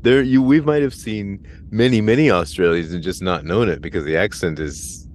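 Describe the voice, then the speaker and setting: A man with a very low, deep voice muses aloud on a podcast, hesitating and chuckling as he works through his thoughts. His sentences trail off and restart. A faint background hiss runs beneath him. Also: normal speed, a little mellow. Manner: musing, hesitant, laughs often, trails off mid-thought. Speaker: podcast guest. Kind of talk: casual podcast chat.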